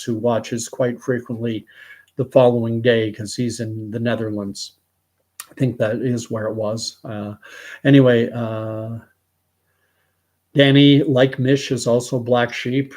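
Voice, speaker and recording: A man's voice: mid-range voice, flat delivery, a little slow, a little mellow. A man in his sixties from Canada, hosting a live stream, musing casually and greeting viewers with frequent fillers.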